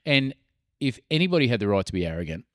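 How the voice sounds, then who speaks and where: A man's voice: mid-range voice, big pitch swings, no echo, studio quality. A middle-aged man with an Australian accent, telling stories in casual podcast chat and swearing freely. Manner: storytelling, swears freely, drawn-out pauses. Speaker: podcast co-host.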